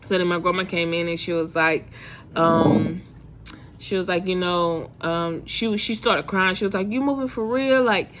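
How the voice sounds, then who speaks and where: A woman's voice: on the low side, fairly even intonation, measured pace, a bit bright, a little hiss or hum. A woman vlogger telling a faith story to her viewers in a casual, rambling way, full of fillers and restarts.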